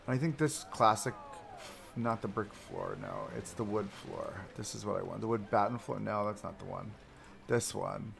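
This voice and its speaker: A young streamer with a gravelly, somewhat low voice builds a theme park live, chatting casually with his audience. He talks to himself, cracks jokes, and grumbles about the controls.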